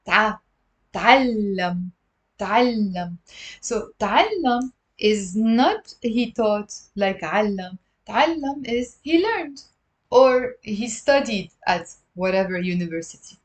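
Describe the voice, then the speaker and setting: A woman teaching a live-streamed language lesson, patiently repeating words slowly for her learners. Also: fairly high pitch, lively intonation, a little mellow. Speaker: Lebanese Arabic teacher. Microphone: livestream camera mic.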